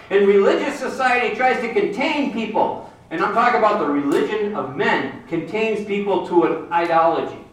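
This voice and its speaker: A pastor preaches a sermon, retelling a Bible story and acting out the characters' voices. His voice sits high at a normal speed, and the mic is placed at a distance in a very echoey hall.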